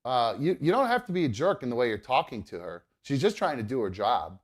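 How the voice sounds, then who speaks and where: A woman's voice: rumbling low, big pitch swings, fairly quick, exaggerated voice. A man putting on the raised, indignant voice of a young woman scolding a rude old man at a store.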